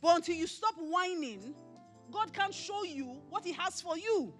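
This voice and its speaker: A middle-aged woman pastor with a Nigerian accent, preaching emphatically at a conference and often raising her voice to a shout. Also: extremely high pitch, unhurried, soft background music. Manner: emphatic, animated preaching with rising shouts and mimicry. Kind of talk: conference sermon. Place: conference hall.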